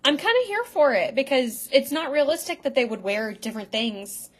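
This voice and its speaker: A young woman co-hosting a podcast, trading quips in casual chat and laughing easily. Her voice sits on the higher side. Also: animated. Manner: wisecracking, quick to laugh. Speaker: podcast co-host.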